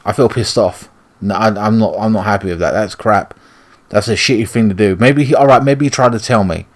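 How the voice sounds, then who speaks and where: A man's voice: fairly low pitch, a little fast. A British man ranting and swearing as he comments on a video game he is playing. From Britain. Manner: ranting, profane. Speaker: gaming YouTuber. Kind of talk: let's play commentary.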